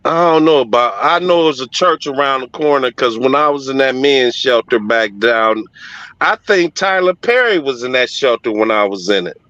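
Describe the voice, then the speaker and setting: A man's voice: mid-range voice, expressive, normal speed, sharp tone, dry recording. A middle-aged man telling a story in casual conversation, emphatic and profane but heartfelt. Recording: dull lo-fi audio, dry.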